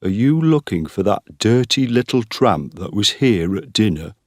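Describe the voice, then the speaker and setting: A man voicing a slow, lonely young farmhand who speaks bluntly and awkwardly in a storybook. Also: fairly low pitch, very animated, darkish tone, dry recording, studio quality, pitched above the performer's own voice. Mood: angry.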